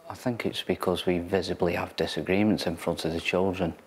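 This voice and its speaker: A man who is a father, answering a host's questions in a hesitant, low-key way with fillers. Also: fairly even intonation, fairly quick, darkish tone, slight background noise. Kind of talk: conversation with a host.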